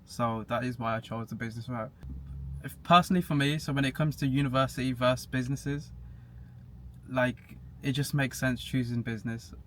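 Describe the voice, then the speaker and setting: A man's voice: mid-range voice, fairly even intonation, brisk. A young man chatting casually as a podcast guest, matter-of-fact and laughing at himself now and then. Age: young adult. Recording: faint background hiss.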